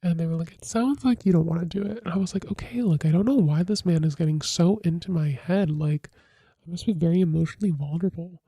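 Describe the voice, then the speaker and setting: A young woman hosting a podcast, telling a casual confessional story in a chatty, filler-heavy way with sudden dramatic jumps in pitch. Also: fast talker, dark tone, slightly rough, no echo. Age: young adult. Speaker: podcast host.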